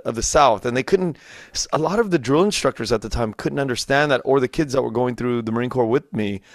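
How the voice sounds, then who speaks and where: A man hosting a podcast interview, asking questions in a halting way with frequent restarts. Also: medium pitch, dry recording, clean studio sound. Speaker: podcast host.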